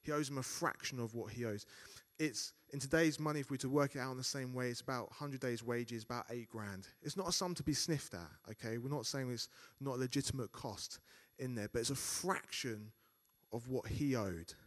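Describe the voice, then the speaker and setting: A man preaching a sermon on a Bible passage, acting out the characters' thoughts in lively voices. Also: medium pitch, a little fast. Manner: animated, acts out the characters' thoughts.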